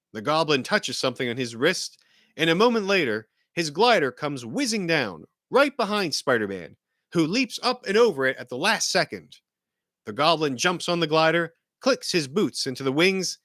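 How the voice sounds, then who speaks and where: A man reads an action screenplay aloud with a bright, forceful tone and a voice that leaps up and down in pitch. His narration is energetic and vivid. The sound is close and dry. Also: dry recording. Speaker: host reading a film script. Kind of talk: dramatic script reading.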